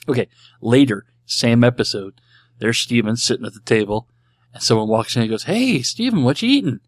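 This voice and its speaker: A man's voice: medium pitch, no echo. Man, middle-aged, chatty solo podcast host, rambling, dry close sound. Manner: chatty, rambling, self-amused, with voiced quotes. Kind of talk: casual solo podcast monologue.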